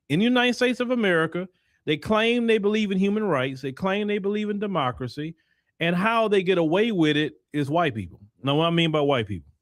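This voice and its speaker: A Texan man hosts a commentary show in an emphatic, preachy way. His voice sits a little high and swoops widely as he talks. The sound is dry and close. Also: dry recording. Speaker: host. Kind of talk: commentary monologue.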